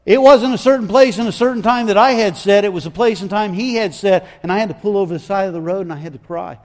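A man's voice: high voice, fast talker. A man preaching a sermon in an emphatic, folksy way, often repeating his phrases.

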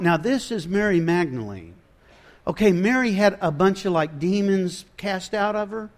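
A man preaching a sermon, telling the story in an animated, conversational way with casual asides. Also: sits high, moderate pace. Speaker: pastor.

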